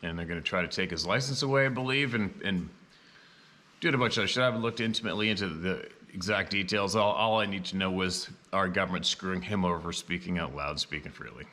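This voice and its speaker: Guy rambling on his vlog, kinda low voice but bright and forceful, cusses a bit. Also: fast. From Canada. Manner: blunt and profane, with frequent asides. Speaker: vlogger. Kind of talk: casual rambling storytelling.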